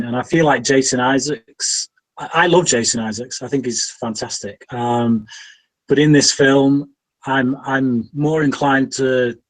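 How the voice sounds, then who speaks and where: A man's voice: medium pitch, low-quality recording. A British man giving his opinions in a casual podcast film discussion, often repeating words as he builds a point. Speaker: podcast panelist.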